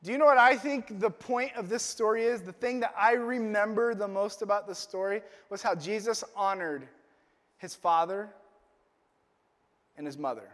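A man's voice: high-pitched, normal speed, fairly bright tone. A man preaching a sermon as a pastor, telling the story playfully with joking asides. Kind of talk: Father's Day sermon. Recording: long reverb of a large hall.

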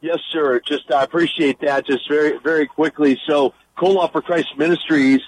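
A man's voice: fairly high pitch, fairly even intonation, moderate pace, a little hiss or hum, rough recording. A man in his sixties, a former wrestler and minister, speaking as a guest in a radio interview, earnest and eager, with many restarts and long lists.

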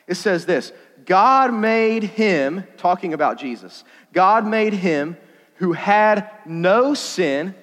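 A man giving a sermon to a young crowd, animated and jokey, with sudden loud bursts of emphasis. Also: sits high. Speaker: youth pastor. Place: church hall. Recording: long hall reverb.

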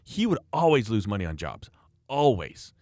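A man's voice: on the low side, big pitch swings, normal speed, a little mellow, no echo, clean studio sound. A man hosting a casual podcast chat, telling work stories in a blunt, emphatic way. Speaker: podcast host, former project manager.

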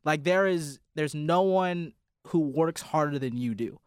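A man's voice: a little high, measured pace, smooth, no room sound, clean studio sound. A young man, a college radio host, giving a heartfelt, rambling farewell speech to his colleagues on air, with many restarts. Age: young adult.

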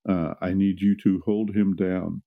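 Deep-voiced man, muffled recording. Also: flat delivery, unhurried, vocal fry, no echo. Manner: agreeable, rambling storyteller. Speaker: co-host, parent. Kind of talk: casual podcast conversation. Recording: slightly muffled, dull sound.

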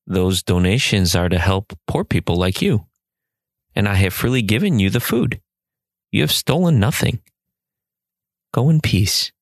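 A man voicing a calm, kindly old male abbot who speaks gently and without hurry. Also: on the low side, dry recording, studio quality. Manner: gentle and unhurried.

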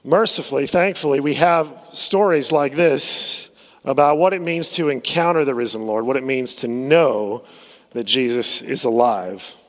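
Pastor preaching in a reverberant church. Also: male voice, mid-range voice, unhurried. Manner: storytelling, conversational, with fillers and repeats. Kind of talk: sermon. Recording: long hall reverb.

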